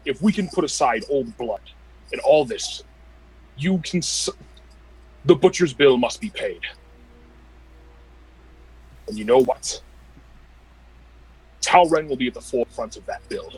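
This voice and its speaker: Man voicing a grim warlord, husky, swinging pitch, angry and bitter. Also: lively intonation, a little slow, pauses often, poor audio. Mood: bitter, defiant. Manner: angry, scornful speech. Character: defiant male warrior leader, bitter and grim. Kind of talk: tabletop role-play.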